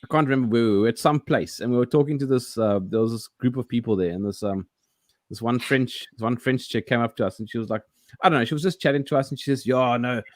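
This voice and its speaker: A man chatting casually, telling animated stories with many restarts and laughs. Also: medium pitch, fast, dry recording. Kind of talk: casual chat.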